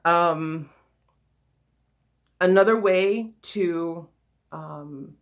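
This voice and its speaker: Low-voiced woman, rambling and earnest. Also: extremely slow. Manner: rambling, many fillers and restarts; earnest, encouraging. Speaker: spiritual coach. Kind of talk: casual spoken talk.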